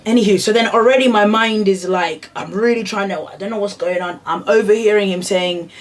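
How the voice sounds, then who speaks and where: A woman's voice: mid-range voice, brisk. Chatty woman podcast co-host. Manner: chatty storyteller, frequent "yeah" and "like" fillers. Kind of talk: casual chat.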